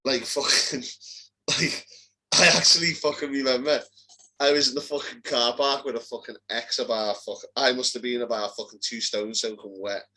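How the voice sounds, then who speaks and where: Young liverpool man, bright forceful voice, sweary, animated storytelling, casual podcast chat. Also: medium pitch, normal speed, low-quality recording. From Liverpool, England. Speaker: co-host.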